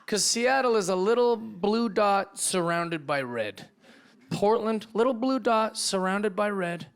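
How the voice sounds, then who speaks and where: A male stand-up comedian doing a brash, profane set, slipping into quick character voices. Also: high voice, animated, smooth. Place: comedy club stage with live audience. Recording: live club set with loud crowd laughter. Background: audience laughing.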